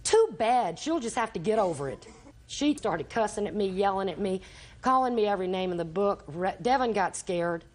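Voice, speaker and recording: A woman's voice: mid-range voice, animated, brisk. An older woman, a grandmother testifying as a litigant in a TV courtroom, telling her story at length and acting out everyone's quoted lines.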